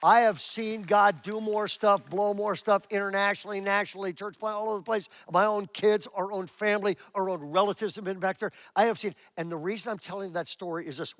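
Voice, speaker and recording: A man's voice: high-pitched, fairly even intonation, quick pace, hardly any pauses, fairly bright tone, dry recording. A man in his sixties, a pastor preaching a sermon to a church congregation, telling a story with animation and acting out his own prayers. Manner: asks the congregation questions.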